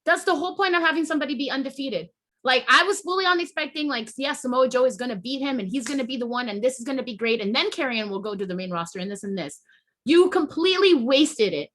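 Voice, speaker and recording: A woman podcast host rants in a casual, heated way, swearing freely and breaking off to restart her thoughts. Her voice sits a bit high and sounds bright and sharp. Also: quick pace. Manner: heated, profane, emotional venting with restarts.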